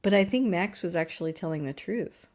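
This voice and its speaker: Lower-voiced woman musing on a film. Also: fairly quick, a little mellow. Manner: thoughtful, interprets characters' motives. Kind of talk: casual movie podcast chat.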